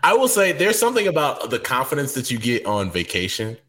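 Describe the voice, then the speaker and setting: Animated man telling a story. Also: mid-range voice, a little fast. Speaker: podcast co-host. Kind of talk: casual chat.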